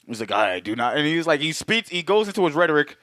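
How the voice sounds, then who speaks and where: A man's voice: a little high, big pitch swings, a bit bright, dry recording. Man, podcast co-host, casual profane chat, laughs often, dry recording. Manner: profane, laughing, acts out characters in quick bits. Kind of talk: casual chat, movie recap.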